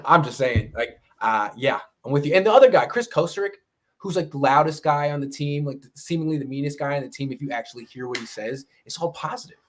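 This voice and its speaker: A man's voice: fairly high pitch, animated, fast. A man hosting a casual sports talk show, speaking animatedly and acting out other people's voices when he quotes them. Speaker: podcast host.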